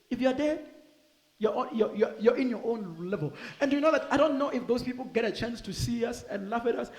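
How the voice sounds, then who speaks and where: A man preaching a sermon in a church, animated, acting out bits of dialogue with laughing asides. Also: high voice. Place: church hall. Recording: echoey church hall.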